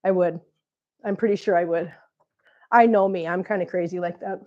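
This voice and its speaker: A woman with a lowish, steady voice hosts a casual cat channel livestream, her breath short from chest congestion. The audio sounds dull and close-miked, catching her breathing as she chats at a moderate pace, teases, laughs a lot, and reads viewer comments aloud.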